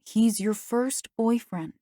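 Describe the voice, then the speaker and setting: Woman voicing a gentle mom, calm and reasonable, slightly raised voice, audiobook reading, dry sound. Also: on the high side, slow, no room sound. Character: gentle, reasonable mother of a teen girl.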